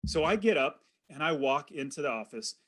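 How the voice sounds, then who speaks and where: A man's voice: a little high, animated, normal speed, fairly bright tone. A middle-aged man, a podcast guest, earnestly telling a personal story and acting out his own thoughts as he goes.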